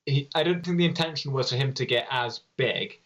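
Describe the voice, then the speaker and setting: A man's voice: medium pitch, a little fast, a bit bright. A man in casual podcast chat, hesitant, with many ums and likes. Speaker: podcast co-host.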